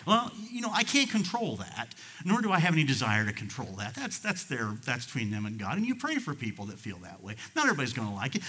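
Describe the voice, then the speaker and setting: A pastor preaches in a bright, forceful voice. He tells folksy stories in a chatty way, then climbs into loud, emphatic bursts. The man sounds like he is in his own pulpit. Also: on the high side, huge pitch swings, fast, hardly any pauses. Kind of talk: sermon.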